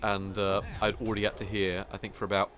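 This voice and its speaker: A man's voice: lowish voice, flat delivery, fast, a bit bright, a little hiss or hum. A man giving casual, joking commentary while speedrunning a game, teasing other players and swearing now and then. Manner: joking, mocking, swears casually, many fillers.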